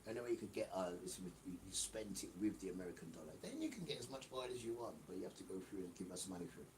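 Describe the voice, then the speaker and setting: Male livestream host, low voice, scolding and emphatic, noisy room tone. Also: racing, a little mellow. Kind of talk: ranting commentary over played clips.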